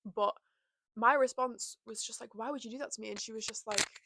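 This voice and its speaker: A woman's voice: a little high, fairly even intonation, a little fast, bright, forceful tone, slight background noise. A young woman chatting casually and openly to camera from her bedroom, full of "like" and "you know". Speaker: vlogger. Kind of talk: casual confessional chat.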